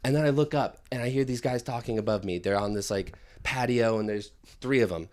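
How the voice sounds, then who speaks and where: A man in casual podcast chat, telling stories in a profane, animated way. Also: medium pitch, fairly quick. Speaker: podcast co-talker.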